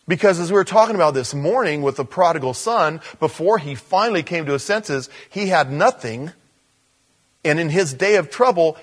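A man preaching a conversational sermon as a pastor, with animated bursts. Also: mid-range voice.

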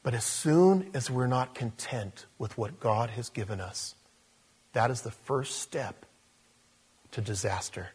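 A man's voice: medium pitch, slow pace, husky. An older man preaching a sermon in a church, telling stories and joking with the congregation. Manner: animated, storytelling, joking with the congregation. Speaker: pastor.

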